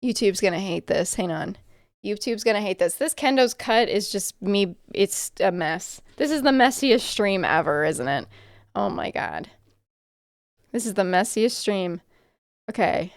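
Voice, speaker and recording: A woman's voice: mid-range voice, expressive, measured pace, no echo, studio quality. A woman streaming a game live, chatting casually with her viewers and calling herself very emotional. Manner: chatty, self-described emotional, talks to chat. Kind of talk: casual live-stream chat while gaming.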